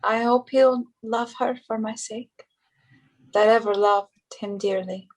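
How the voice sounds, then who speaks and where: A woman's voice: on the high side, steady tone, a little mellow, poor audio. A woman playing a weary dying queen. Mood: sorrowful. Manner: slow, tired, regal delivery. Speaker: stage actor. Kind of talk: Shakespearean stage acting.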